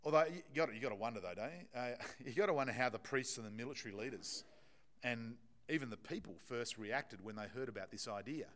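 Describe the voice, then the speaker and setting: A man's voice: medium pitch, lively intonation, quick pace, a bit bright. Man preaching an emphatic, chatty sermon. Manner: conversational, emphatic, many restarts and fillers.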